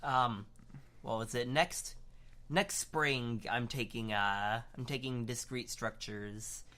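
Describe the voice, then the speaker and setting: A man's voice: medium pitch, slow, pushed and bright. A young man co-hosting a podcast, chatting casually and hesitantly with lots of fillers and restarts. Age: young adult. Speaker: podcast co-host. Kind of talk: casual chat.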